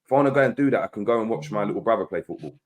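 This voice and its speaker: Fast-talking argumentative panelist. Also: male voice, fairly low pitch, lively intonation, a little mellow. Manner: argumentative, emphatic. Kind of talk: casual podcast chat.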